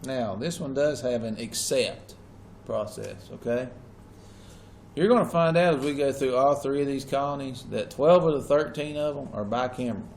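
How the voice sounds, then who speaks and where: A man's voice: mid-range voice, normal speed, darkish tone, a little hiss or hum. A male teacher lecturing a classroom in a casual way and often checking that the students are following.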